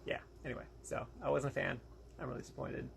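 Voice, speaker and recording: This casual film review comes from a young American man who is frank and exasperated, rambling with many fillers and quoted asides. He talks quickly and flatly at medium pitch, with vocal fry. Slight background noise sits under him.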